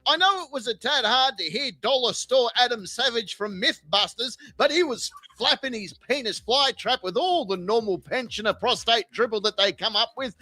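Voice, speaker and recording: A man's voice: very high-pitched, lively intonation, normal speed, few pauses, pushed and bright. A man narrating a commentary video in a crude, profane, mocking way. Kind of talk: scripted comedic commentary.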